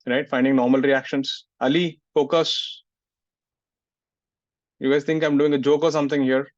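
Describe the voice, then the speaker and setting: Speaking quickly and flatly in a slightly mellow mid-range voice, this man is a physics teacher lecturing a class. He tells off inattentive students and frequently asks "getting it?" The audio is dry and muffled.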